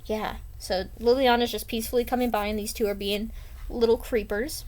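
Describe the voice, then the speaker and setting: A woman's voice: fairly high pitch, fairly even intonation, fairly quick, background noise. A young woman vlogger giving playful, sarcastic commentary on her old drawings. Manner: playful, mock-dramatic, sarcastic.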